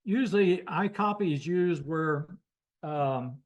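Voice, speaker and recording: A man teaching a basic radio class, talking through it with many pauses, fillers and restarts. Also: on the high side, lo-fi sound. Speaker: radio training instructor. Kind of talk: classroom lecture.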